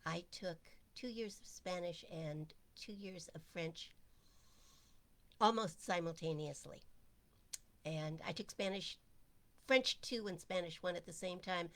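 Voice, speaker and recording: A woman minister hosting an online service in a playful, chatty way, slipping into quiet asides. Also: lowish voice, takes it slowly. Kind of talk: casual livestream chat.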